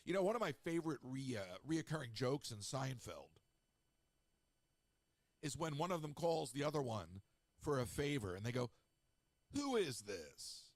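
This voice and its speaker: A middle-aged man hosting a radio show, chatting in a snarky, rambling way with lively asides. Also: medium pitch, normal speed, pauses often, no room sound. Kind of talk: casual solo radio talk.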